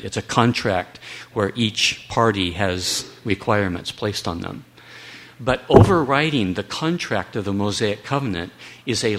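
A man delivers a Bible teaching talk in a fairly low voice. He presses his points earnestly and emphatically, now and then slipping in a wry aside. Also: fairly bright tone. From United States.

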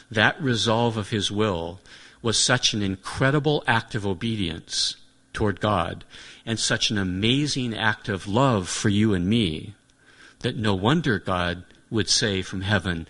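A man's voice: on the low side, unhurried, fairly bright tone. A man preaching a sermon in an earnest, reflective way, often restating his points.

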